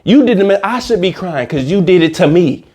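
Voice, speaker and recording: A man hosting a comedic reaction video, ranting in casual slang and jumping into high mocking voices. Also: a little fast, slight background noise. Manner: animated, slangy, swings into high squeaky mock voices. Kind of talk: comedic rant reacting to a reality show.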